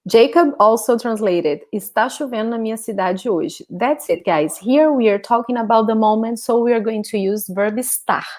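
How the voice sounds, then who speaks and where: A woman's voice: fairly high pitch, moderate pace, hardly any pauses, a little mellow. A Brazilian woman with an accent teaching a live online language class, patiently explaining and often checking in with "okay?". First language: Portuguese. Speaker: Portuguese teacher.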